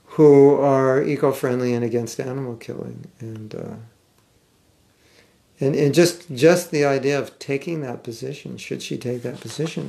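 An older American man with a General American accent giving a scripture class, speaking thoughtfully with some halting restarts and reading passages aloud. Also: medium pitch, gravelly, warm tone. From United States. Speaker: spiritual teacher. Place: class room.

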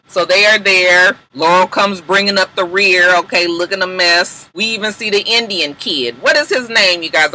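A man with a high, very bright and forceful voice recaps a TV drama in a casual, sassy way. He acts out the characters' lines as he goes. A faint hiss of noise sits under his voice. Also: poor audio. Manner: sassy, animated retelling with quoted character voices and laughs. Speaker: TV show reviewer.

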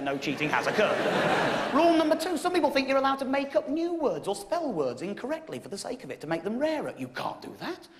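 An English man in his thirties telling a wry comic story on stage, with sudden high emphatic peaks. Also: slight background noise. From England. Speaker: comedian. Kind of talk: stand-up storytelling show. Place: theatre stage with audience laughter.

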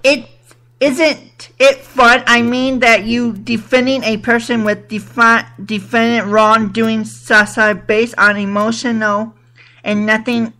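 A woman hosts a casual talk show, exclaiming in indignation and reading listener comments aloud. She speaks slowly, and her voice is bright and pitched a little high. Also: flat delivery. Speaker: podcast host.

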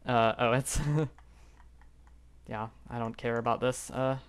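A man's voice: medium pitch, flat delivery, moderate pace, clean tone. A young man commenting on his own geography guessing game, rambling and unsure, thinking aloud with lots of fillers. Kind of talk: live gameplay commentary.

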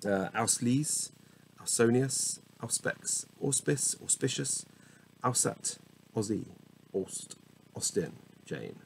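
A man's voice: medium pitch, expressive, takes it slowly, gravelly, a little hiss or hum, rough recording. A man reading dictionary entries aloud one after another, muttering and correcting himself with wry asides. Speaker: solo reader of a dictionary. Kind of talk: reading word lists aloud.

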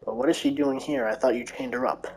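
A woman's voice: extremely low pitch, fairly even intonation, fast, darkish tone, breathy edge, soft background music, low-quality recording. A woman voicing a cold, stern aunt who speaks curtly and impatiently.

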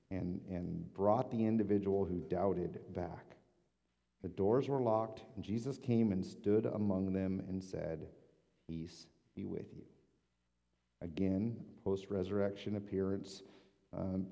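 A man's voice: low voice, gravelly, warm tone. A male pastor preaching a casual, conversational sermon in a church sanctuary, often repeating words as he thinks. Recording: long church hall reverb.

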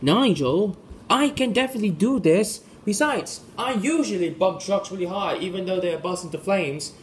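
Man doing confident brave shunter, lively pitch. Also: moderate pace, a little hiss or hum. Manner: confident, reassuring. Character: brave eager male shunting engine, confident.

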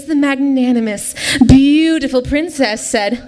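Woman, comic fairy-tale reading, ditzy and apologetic, giggly, high voice. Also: lively intonation, normal speed, noisy background. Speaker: storytelling contestant.

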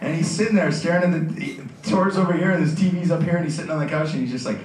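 A man on a convention panel telling a comic anecdote, animated and laughing as he goes. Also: a little high, rapid-fire, a little hiss or hum. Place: large convention hall. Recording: echoey convention hall from far off with crowd. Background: crowd audience.

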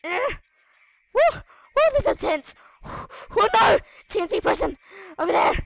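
A woman giving live gameplay commentary on her gaming channel, excitable, squealing and shrieking at danger, with chatty asides to viewers. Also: extremely high pitch, measured pace, creaky, dry recording.

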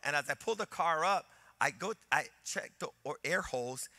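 Bright-voiced male pastor preaching. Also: a little high, moderate pace, slight background noise. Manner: animated anecdotal preaching, acting out dialogue. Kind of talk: sermon.

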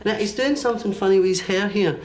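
A man working as a medium, giving a one-to-one reading in halting bursts with frequent checks like "okay?". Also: high-pitched. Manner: hesitant, relays messages in bursts with many okays.

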